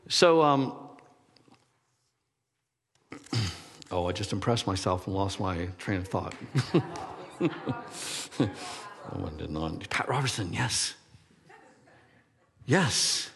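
A pastor in his sixties delivers a loose, conversational sermon, wandering off track and joking at his own expense. His voice sits at an ordinary pitch for a man. The sound rings on in a long hall reverb. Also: fairly bright tone, breathy edge. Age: 60s. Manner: rambling, self-deprecating, laughs at himself.

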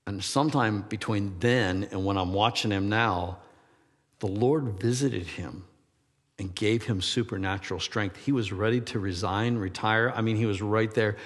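A man's voice: on the low side, normal speed. Rambling preacher in his sixties, hall reverb. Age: 60s. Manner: rambling, self-deprecating, laughs at himself. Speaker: pastor. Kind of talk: sermon.

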